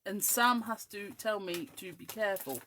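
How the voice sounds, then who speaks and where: A woman's voice: medium pitch, normal speed, sharp tone, a little hiss or hum. Chatty woman with a faint Scottish twang. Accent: English, with a faint west of Scotland twang. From west coast of Scotland. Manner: chatty, rambling, with frequent ums. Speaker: craft show host. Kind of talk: casual chat while crafting.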